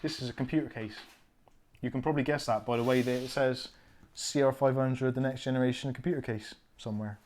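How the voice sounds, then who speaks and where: A man hosting a casual live stream who jokes and thinks out loud while he unpacks gear. He gives blunt, opinionated asides as he goes. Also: mid-range voice, fairly even intonation, brisk, slight background noise. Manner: chatty, jokey, thinks aloud while unpacking.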